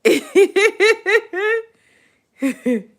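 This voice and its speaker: Woman on a livestream cracking up at chat, talks slow, big swoopy voice, bright tone. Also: extremely high pitch. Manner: loud laughing, playful, animated. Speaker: livestream host. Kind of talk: casual livestream chat reading comments.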